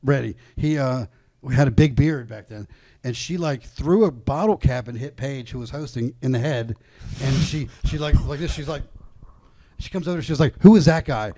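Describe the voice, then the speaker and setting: A man's voice: mid-range voice, normal speed, dry recording. Male podcast guest, casual profane storyteller, dry close mic, mid-range voice. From Atlanta comedy scene. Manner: rambling, profane, animated storyteller.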